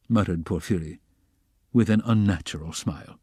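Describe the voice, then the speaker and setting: A man narrating a classic novel as an audiobook reader, steady and even. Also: on the low side, moderate pace, no echo, studio quality. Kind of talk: scripted narration.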